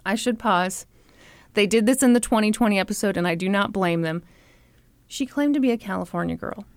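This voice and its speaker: A young woman hosting a podcast, telling a true crime story in an animated, chatty way full of "like" and "you know". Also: mid-range voice, brisk, no echo. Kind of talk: casual storytelling chat.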